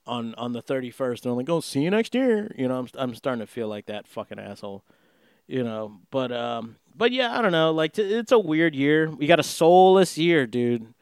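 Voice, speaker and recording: A man's voice: mid-range voice, lively intonation, moderate pace, a little mellow, clean tone, dry recording. A man chatting casually in a rambling, profane way, laughing through his story. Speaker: vlogger. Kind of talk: casual chat. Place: Los Angeles.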